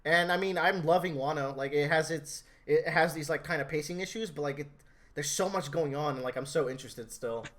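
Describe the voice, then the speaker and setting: Man, casual podcast chat, slightly high pitch, animated, restarts often. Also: fairly quick. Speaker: podcast co-host.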